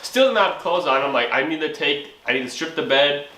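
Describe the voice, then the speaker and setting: Bright-voiced young man telling a comic story. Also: a little high, steady tone, brisk. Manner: profane, laughing, acts out his own quotes. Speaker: channel host. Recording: echoey room with faint ambient noise.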